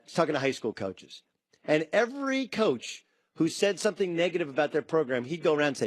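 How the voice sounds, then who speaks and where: A man hosting a sports talk show, riffing in an animated way and acting out quotes in shifting voices. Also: on the high side, brisk, no echo. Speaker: sports talk radio host.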